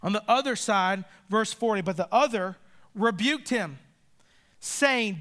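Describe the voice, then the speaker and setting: High, bright-voiced male preacher. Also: lively intonation. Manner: earnest, emphatic preaching with dramatic pauses. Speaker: pastor. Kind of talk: sermon.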